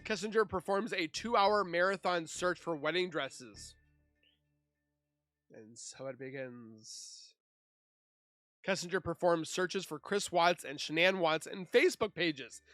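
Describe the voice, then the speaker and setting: A man's voice: sits high, normal speed, hardly any pauses, fairly bright tone, no echo, studio quality, faint music behind. A man reading through a case timeline and breaking in with sarcastic, scornful asides in casual commentary. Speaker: true crime YouTuber.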